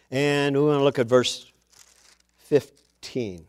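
A man preaching a sermon, reading scripture aloud and swelling louder on the quoted words. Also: medium pitch.

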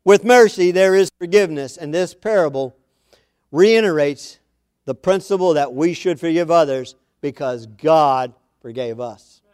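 A man's voice: a little high, unhurried, a little mellow, clean tone, dry recording, clean studio sound. A man preaching a sermon, reading scripture aloud and pressing his points with repeated phrases and questions to the congregation. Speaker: pastor.

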